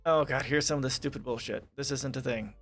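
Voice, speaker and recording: A man's voice: medium pitch, steady tone, a little fast, fairly bright tone, soft background music. A man hosting a casual political livestream, reading articles aloud and breaking off into sarcastic, profane rants. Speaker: livestream host. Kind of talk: casual political commentary stream.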